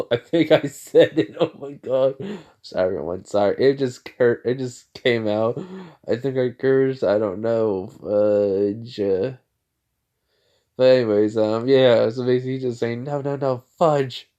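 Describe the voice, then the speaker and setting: A man casually retells a fan-made story, rambling and piling on filler words. His pitch sits in the typical middle range for a man, and he speaks at a moderate pace with a warm tone. The audio sounds dull.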